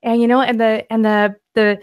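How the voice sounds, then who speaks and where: A woman co-hosting a podcast, excitedly walking through property deals on screen in a casual, rambling way with frequent restarts. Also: fairly high pitch, normal speed, smooth, dry recording. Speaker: podcast co-host and land investor. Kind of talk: casual screen-share deal walkthrough.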